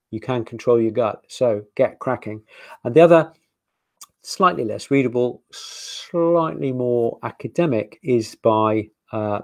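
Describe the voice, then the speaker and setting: A man's voice: medium pitch, darkish tone, no echo. A man, a veterinarian giving a live online presentation with slides, chatty and enthusiastic with self-mocking humor.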